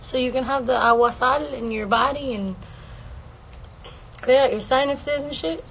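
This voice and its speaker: A woman's voice: high voice, moderate pace, a bit bright, slight background noise, rough recording. A woman singer casually answering fan questions on a livestream from home, playful and swearing freely. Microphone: phone.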